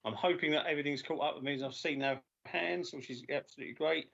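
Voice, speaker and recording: A man chairing a formal council meeting over a video call, halting with many filler sounds and losing his voice. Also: on the high side, creaky, a bit bright. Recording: dull lo-fi video call audio.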